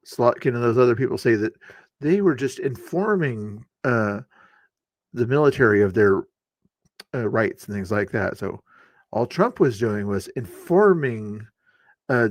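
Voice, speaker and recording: A man's voice: mid-range voice, dry recording. Dry-sounding man with sarcastic, chatty commentary. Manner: offhand, chatty, sarcastic asides. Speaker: streamer and channel host. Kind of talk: casual live-stream commentary.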